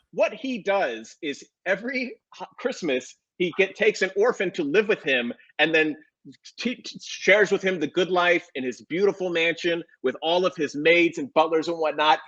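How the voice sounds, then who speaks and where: An American man co-hosts a casual talk show with a wry, joking delivery. His voice is bright and sits a bit high. The audio sounds slightly muffled and lo-fi. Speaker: co-host. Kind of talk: casual chat.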